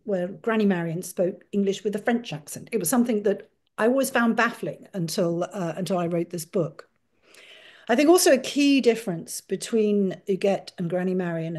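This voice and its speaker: Woman author, public talk, earnest and measured storyteller, lowish voice. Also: darkish tone. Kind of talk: storytelling lecture.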